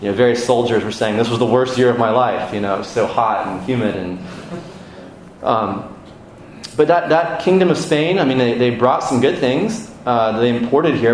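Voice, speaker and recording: An American man preaching a sermon in a conversational teaching manner, asking the congregation questions. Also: mid-range voice. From United States. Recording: very echoey room, faint noise.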